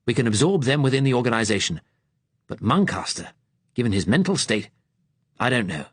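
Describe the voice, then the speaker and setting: Man voicing a weary captain, firm, husky, pitched up a little, dry sound. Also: sing-song, fairly quick, no echo. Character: weary male resistance captain.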